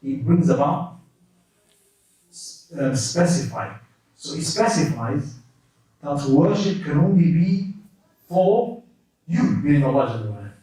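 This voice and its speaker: A man teaching a lesson in a mosque classroom, explaining terms in a quick, conversational way with many restarts. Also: on the high side, big pitch swings, mellow. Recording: echoey room from a distance.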